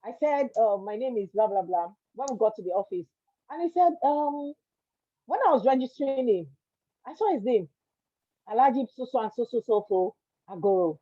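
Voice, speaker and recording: A woman's voice: a little high, expressive, normal speed, dry recording, lo-fi sound. A Nigerian woman, a guest entrepreneur, telling her story in an interview, earnest and emphatic, repeating words for stress.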